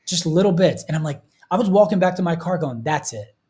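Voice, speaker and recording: A man's voice: high voice, fast, dark tone. A man in his thirties talking earnestly and emotionally on a casual podcast. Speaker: podcast host.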